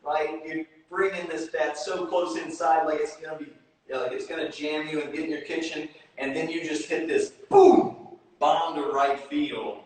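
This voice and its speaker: A man's voice: a little high, fairly even intonation, normal speed. A man hosting an online baseball hitting clinic, speaking energetically and directly to young viewers. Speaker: baseball hitting coach, host. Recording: echoey room, distant from the mic.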